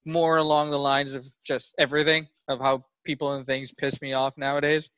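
A man's voice: mid-range voice, flat delivery, moderate pace, fairly bright tone, smooth, no room sound. A man who does stand-up comedy, telling an angry story in casual podcast banter.

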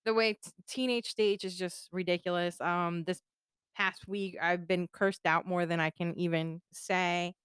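A middle-aged woman co-hosts a casual podcast, pausing often with ums and restarts as she speaks. Her voice is very smooth and clear, recorded close and dry with no room echo. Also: lowish voice, steady tone, fairly bright tone. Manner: hesitant, frequent ums and restarts. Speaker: podcast co-host. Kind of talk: casual chat.

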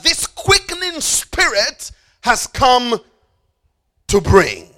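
High-voiced, bright preaching man. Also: very animated. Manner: emphatic, repeats phrases with call-and-response prompts; slows down for stressed phrases, rushes through asides. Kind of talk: sermon.

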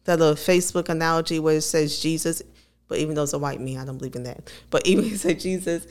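A woman's voice: sits low, fairly even intonation, quick pace, a little mellow. A woman co-hosting a podcast, talking candidly and laughing often as she tells personal stories. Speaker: podcast co-host. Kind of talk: casual conversational podcast.

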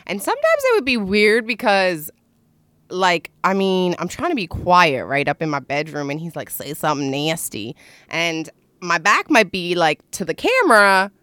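A woman's voice: lowish voice, very animated, normal speed, fairly bright tone, no room sound. A woman hosting her own show, talking frankly and casually with lots of fillers and laughs. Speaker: host. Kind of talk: casual candid advice monologue.

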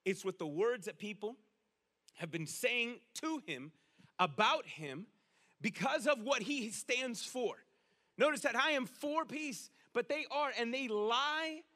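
A male pastor preaching with a high, bright voice. He talks casually, tosses in slang and keeps asking the room "right?". His delivery is lively and conversational rather than formal. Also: slow pace. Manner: conversational, animated preaching with slang and rhetorical questions. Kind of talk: sermon.

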